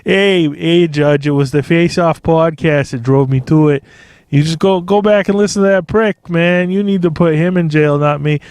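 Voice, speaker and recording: A man's voice: fairly even intonation, fairly quick, hardly any pauses, a little mellow, smooth, natural voice. A man putting on an accent to voice an agitated male listener pleading with a judge. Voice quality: put-on accent, high and pushy.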